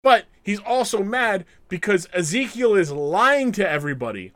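A podcast co-host with a high-sitting voice and moderate pace spins animated stories in a relaxed chat. He brings his quotes to life by acting out the speakers.

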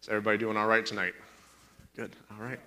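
A man's voice: on the low side, completely flat delivery, fast, bright, forceful tone, slight background noise. A man teaching a church group in a chatty, joking sermon, laughing between points and talking into a corded microphone. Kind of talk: casual sermon with a joke.

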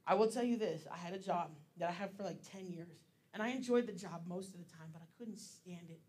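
A man's voice: high-pitched, fairly quick, a little mellow. Chatty laughing pastor, a man. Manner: chatty, laughs often, many fillers. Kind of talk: casual sermon.

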